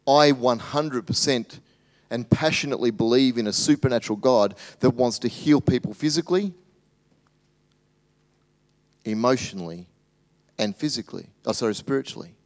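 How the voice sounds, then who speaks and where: A man preaching a sermon as pastor, swinging between loud animated bursts and hushed, tender asides. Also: mid-range voice, fast.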